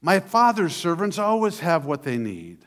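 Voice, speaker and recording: A man's voice: on the high side, sing-song, normal speed, voice pushed up. Desperate humbled young son, put on by a preacher man, raised and pleading, in a hall with long reverb. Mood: remorseful resolve.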